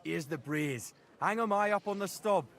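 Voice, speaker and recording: An actor voicing a cheeky young village prankster with a Northern English accent, talking in brash, animated dialect. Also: male voice, high voice, moderate pace. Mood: mischievous.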